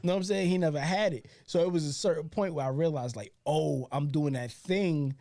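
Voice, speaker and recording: Podcast co-host, fairly high-voiced man, animated storyteller, dry close sound. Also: brisk, no echo. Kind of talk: casual chat, storytelling.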